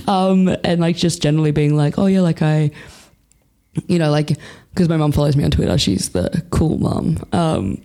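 Chatty Australian woman with a gravelly voice. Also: low voice, normal speed, dark tone. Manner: frank and swears freely, laughs a lot, chatty with many fillers. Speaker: interview guest. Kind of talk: casual candid chat.

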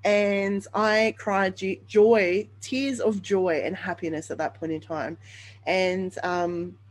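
A woman's voice: medium pitch, fairly even intonation, takes it slowly, poor audio. A woman hosting a podcast, telling her own story in an earnest, open way with frequent ums and self-corrections. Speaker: podcast host sharing her birth story. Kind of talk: candid personal storytelling monologue.

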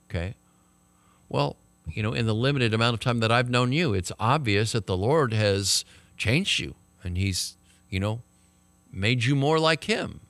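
A pastor with a Texan accent teaches a midweek Bible study in a conversational way, turning often to his listeners. His voice sits at an ordinary male pitch. The sound is dry and close, with little room. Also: a bit bright, no echo. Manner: conversational teaching, talks to the class with "okay?" and "right?". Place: church study group, small room.

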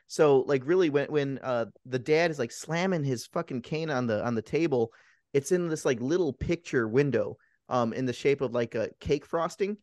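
A man of middle pitch talking loosely about a movie he likes, cursing freely as he retells scenes. His voice is dry and close, with almost no room sound around it. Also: moderate pace, darkish tone, no room sound. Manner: swears often, retells scenes with put-on voices. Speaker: podcast co-host. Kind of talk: casual movie chat.

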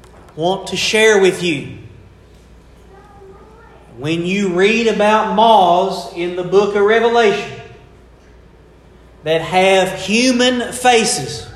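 A man preaching a sermon in a slow, deliberate way, pausing to stress key words. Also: high-pitched, reverberant.

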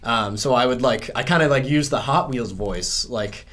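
A man's voice: medium pitch, moderate pace, a bit bright. A man, chatting loosely as a podcast guest and filling his talk with "like". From South Carolina, USA. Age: 20s. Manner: rambling, heavy on fillers like "like". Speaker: podcast guest, music student. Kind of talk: casual interview chat.

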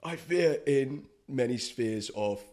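A man chatting as a podcast guest, with a mid-pitched voice. He tells his stories in an animated way, acts out what people said, and fills his talk with "like" and the odd swear word. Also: slow pace. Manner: animated storytelling, acts out quotes, swears, many fillers. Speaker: freelance broadcast journalist, guest. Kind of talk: casual podcast chat.

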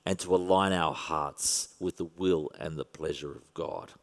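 A man's voice: extremely low pitch, steady tone, measured pace. Australian man preaching in a hall. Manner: conversational preaching with wry humour. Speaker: pastor. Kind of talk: sermon.

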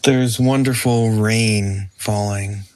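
A man chatting casually on a podcast, making wry, low-key jokes. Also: fairly even intonation, slow, no room sound. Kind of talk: casual chat.

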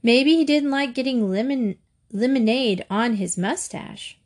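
A woman's voice: a little high, measured pace, a little mellow, lightly acted. Katy, a spirited girl, read by a woman. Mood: eager. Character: spirited young girl, lively and outspoken.

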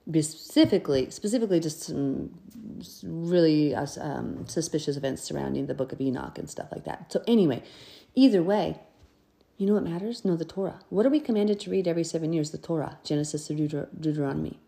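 A woman's voice: low-pitched, animated, fairly quick, gravelly, mellow. A woman hosting a podcast, reading scripture and commenting in an earnest, conversational way. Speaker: podcast host.

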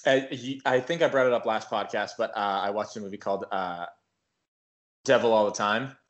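A man's voice: on the low side, moderate pace, dull audio. Laid-back man chatting on a podcast. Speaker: podcast host. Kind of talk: casual chat.

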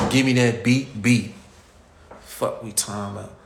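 A man's voice: mid-range voice, creaky. Heated Chicago man ranting in an echoey room. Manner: blunt, heated, slangy, talks straight to the audience. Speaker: podcast host. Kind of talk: casual rant to listeners. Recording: echoey room with faint ambient noise.

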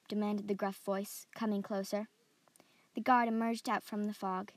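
A woman reading a story aloud in a steady, descriptive way as a podcast host. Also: mid-range voice, normal speed, dry recording. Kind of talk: scripted story narration.

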